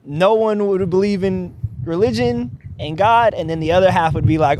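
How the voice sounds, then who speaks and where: A man's voice: high-pitched, moderate pace, darkish tone. Blunt skeptical man in windy woods. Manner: blunt, skeptical, swears, laughs easily. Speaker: podcast guest. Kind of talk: casual chat. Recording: faint wind noise outdoors.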